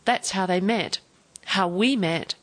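A woman's voice: medium pitch, takes it slowly, a bit bright. A woman voicing an ambitious young English wife who talks eagerly and then defiantly.

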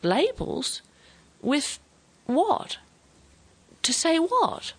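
A woman voicing a middle-aged neighbour wife with an overbright, high manner. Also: huge pitch swings, very slow, fairly bright tone, full character voice. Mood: puzzled.

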